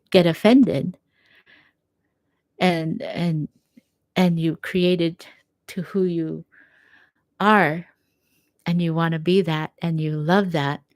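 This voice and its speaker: A woman giving a gentle, encouraging faith talk at home, quoting scripture as she reflects. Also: fairly low pitch, dry recording. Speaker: faith speaker.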